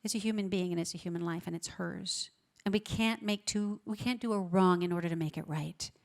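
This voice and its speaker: A woman's voice: fairly low pitch, brisk, creaky. Emphatic woman speaker at a conference. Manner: emphatic, builds up lists of words; drops to a soft, quiet voice when telling a story. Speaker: pro-life educator giving a conference talk. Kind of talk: conference talk with Q&A. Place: large conference hall on stage.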